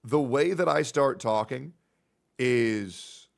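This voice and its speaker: Male streamer, mid pitch, gravelly, storyteller who acts out the dialogue. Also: takes it slowly. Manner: rambling anecdote, acting out quoted dialogue. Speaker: streamer telling a personal story. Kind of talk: storytelling on a livestream.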